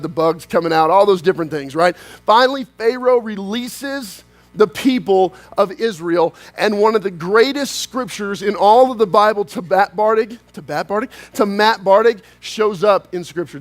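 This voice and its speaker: A man pastor preaching a sermon, telling a story and acting out its dialogue, sometimes slowing down hard for emphasis and then rushing ahead. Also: sits high. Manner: storytelling, acts out dialogue, shifts between slow emphasis and quick bursts.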